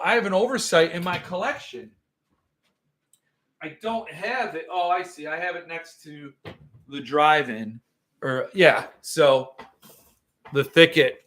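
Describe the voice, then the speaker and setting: A man's voice: on the high side, slow pace, pauses often, a bit bright. A man hosting a livestream, ranting sarcastically and answering viewer comments in casual chat. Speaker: podcast host.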